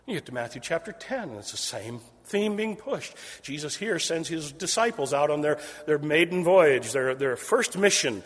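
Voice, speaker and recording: A man delivers a sermon in a slightly husky, somewhat high voice. He swings from ringing emphasis to a hushed near-whisper and stacks repeated phrases for effect. His voice carries a long reverb from a large hall. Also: expressive, moderate pace, few pauses. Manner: repetitive, builds phrases in rhythmic series. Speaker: preacher. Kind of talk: expository sermon.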